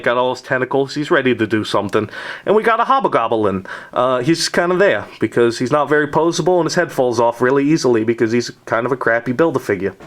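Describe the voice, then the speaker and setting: Man, casual vlog, rambling, jokey, middle pitch, at home. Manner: rambling and jokey, lots of "uh" and "we got". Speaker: vlogger showing his toy collection. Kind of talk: casual home video tour.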